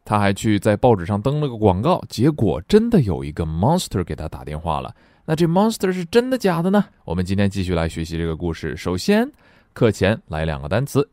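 A man teaching a bilingual reading lesson, playful and lively, with sudden high exclamations. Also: dry recording, studio quality. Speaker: English teacher.

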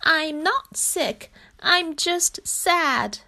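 A woman voicing a sad, tearful little male frog in a storybook, speaking high, soft and slow. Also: huge pitch swings, full character voice.

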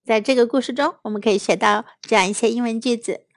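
A woman teaching English phrases to children from a storybook, repeating each phrase slowly. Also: fairly high pitch, no echo, studio quality. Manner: slow, drilling repetition. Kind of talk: children's English lesson reading.

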